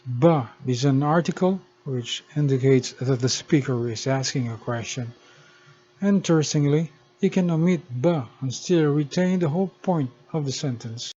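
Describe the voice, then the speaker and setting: A man narrating a scripted language lesson, explaining slowly and deliberately. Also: medium pitch, dark tone, slightly rough, lo-fi sound. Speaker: language teacher.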